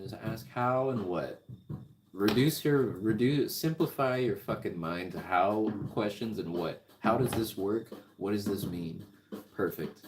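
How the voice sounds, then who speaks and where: A man talking in a casual, rambling monologue, riffing and swearing freely. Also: low voice. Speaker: music vlogger. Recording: clicking background noise.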